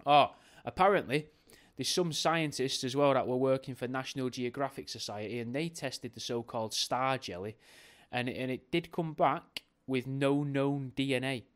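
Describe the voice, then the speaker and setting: A man hosts a podcast in a casual, rambling, jokey way, often correcting himself mid-sentence. His voice is mid-range and his pace moderate.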